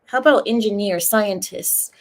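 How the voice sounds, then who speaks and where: A woman's voice: medium pitch, normal speed. Ranting woman livestreamer. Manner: ranting, chatty, talks to viewers. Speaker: livestream host. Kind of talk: casual livestream commentary.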